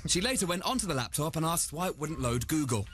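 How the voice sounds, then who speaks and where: Lively man reading out funny stories. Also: fairly high pitch, fast, faint music behind. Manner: lively, amused storytelling read. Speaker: radio presenter reading listener stories.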